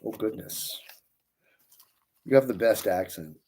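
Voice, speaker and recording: A man's voice: on the low side, lively intonation, slow, mellow. A man chatting casually with viewers on a livestream, greeting them by name and rambling through friendly asides while he twists balloons. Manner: works with his hands while talking. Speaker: balloon twister streaming live.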